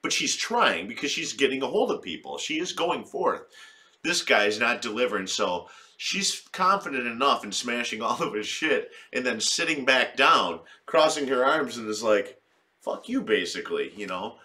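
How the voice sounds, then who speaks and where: A man's voice: medium pitch, very animated, moderate pace, sharp tone. A man doing comic reaction commentary in a crude, rambling, profane way. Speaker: video commentator.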